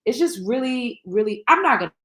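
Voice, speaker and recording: A woman's voice: on the high side, sing-song, a little fast, a bit bright. A woman hosting her own show, talking candidly to camera in an emotional, blunt way, swearing freely and rambling with restarts. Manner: rambling, many restarts and fillers. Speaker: show host. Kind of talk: candid reaction vlog.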